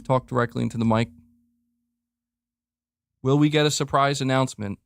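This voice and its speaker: A man's voice: mid-range voice, fairly even intonation, normal speed, vocal fry, dry recording. Laid-back male streamer, dry close sound. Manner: playful, talks to his cat and reads viewer chats. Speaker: gaming news streamer. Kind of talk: casual livestream chat.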